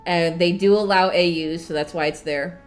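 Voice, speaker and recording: A woman streamer chatting casually to her viewers, excitable, swinging between mumbles and squeals of laughter. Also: fairly low pitch, moderate pace, soft background music. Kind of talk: casual livestream chat.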